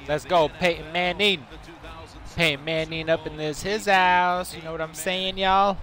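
A man streaming a football video game live, chatting casually in slang and breaking into high whoops. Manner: hyped, slangy, keeps asking "you know what I'm saying"; bursts into high whooping shouts. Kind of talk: casual live gameplay commentary.

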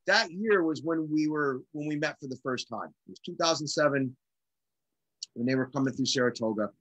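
A middle-aged man, a drummer, telling a story in casual conversation and acting out the quotes with animated energy. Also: a little high, moderate pace, dry recording, dull audio. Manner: animated, acts out quotes in lively voices. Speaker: guest drummer.

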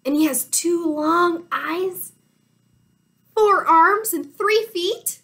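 A woman teacher reading a picture book aloud to young children, animated and full of gasps. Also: extremely high pitch, very slow, pauses often.

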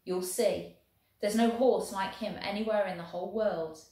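A woman voicing a gentle, devoted young male soldier who talks soothingly to a horse. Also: mid-range voice, steady tone, moderate pace, lightly acted. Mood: earnest. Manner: soft, soothing talk to a horse. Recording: very echoey room.

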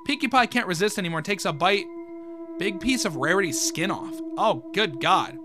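A man's voice: sits high, expressive, normal speed, noisy background. A man on a video channel reading a fan horror comic aloud and reacting casually as he goes. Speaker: YouTuber. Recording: music playing underneath.

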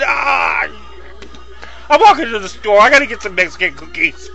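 A man vlogging casually, rambling and bursting into loud mock shouts. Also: extremely high pitch, animated, moderate pace, creaky, faint music behind. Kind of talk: casual vlog commentary.

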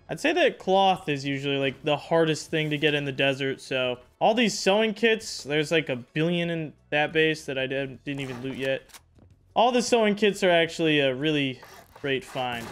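A young man giving casual, excitable commentary over his own survival game playthrough, loose and slangy. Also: fairly high pitch. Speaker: gaming YouTuber. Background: background music.

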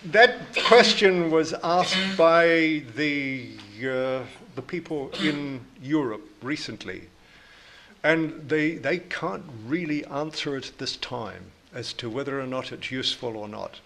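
New Zealand man explaining science calmly. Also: on the high side, a little hiss or hum. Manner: measured, explanatory, frequent restarts. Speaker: invited scientist answering questions. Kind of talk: lecture Q&A answers.

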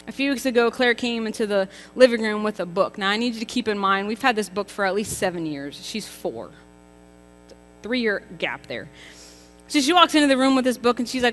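A woman's voice: a little high, animated, fairly quick, a bit bright. A woman in her thirties preaching a contemporary church sermon, chatty and emphatic, often asking the congregation rhetorical questions. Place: church sanctuary. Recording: reverberant church hall with faint music.

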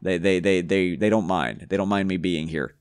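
Deep-voiced man rambling over gameplay. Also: normal speed, clean tone, no room sound. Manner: rambling, jokey self-talk with stumbles. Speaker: gamer. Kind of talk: casual gameplay commentary.

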